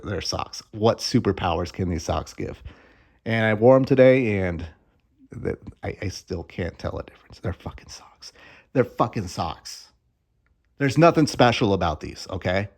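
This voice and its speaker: A man's voice: sits low, expressive, measured pace, darkish tone. A young man vlogging in a casual, rambling way, joking and swearing offhand. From Arizona. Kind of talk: casual chat.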